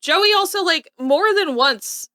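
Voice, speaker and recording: A woman co-host talks through a TV episode in relaxed, chatty fashion, full of "like" and asides. Her voice is bright and very lively in pitch. The sound is dry and close. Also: slow pace, no echo. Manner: lively, animated retelling with frequent "like". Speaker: co-host recapping a TV show. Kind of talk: casual chat.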